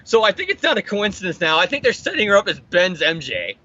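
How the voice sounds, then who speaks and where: A man casually recapping a comic book on a podcast, animated and profane, acting out the characters' lines. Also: high voice, quick pace, dull audio. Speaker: podcast co-host.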